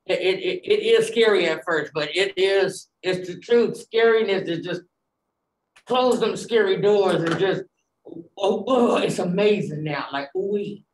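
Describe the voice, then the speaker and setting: A woman shares a personal testimony with a group, telling it with animated energy and slipping into the voices of the people in her story. Her pitch sits in the middle range. The sound carries a noticeable room echo. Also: unhurried, slight background noise. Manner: animated storytelling, acting out dialogue, many fillers. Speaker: Bible study participant. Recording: echoey room.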